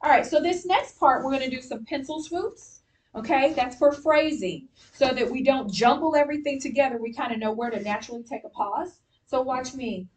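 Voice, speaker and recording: A woman teaching a classroom reading lesson, encouraging and clear as she gives instructions. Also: high voice, fairly quick. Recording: distant mic with faint noise.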